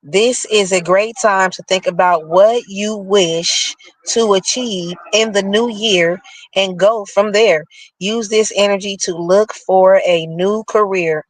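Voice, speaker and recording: A man with a New York accent reading horoscopes aloud and breaking into animated, slangy commentary in casual chat. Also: sits high, slow pace, no echo, low-quality recording.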